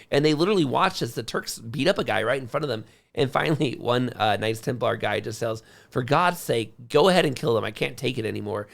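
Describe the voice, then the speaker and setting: A man's voice: medium pitch, vocal fry. A man co-hosting a podcast, retelling history in a casual, conversational way. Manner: conversational, acts out quotes in a lively way. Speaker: podcast co-host. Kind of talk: casual storytelling about history.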